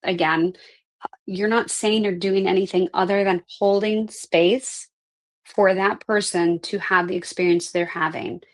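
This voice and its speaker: A woman's voice: mid-range voice, steady tone, measured pace. A middle-aged woman life coach teaching a live class, earnest and conversational, often tagging her points with "right?". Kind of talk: live online class talk.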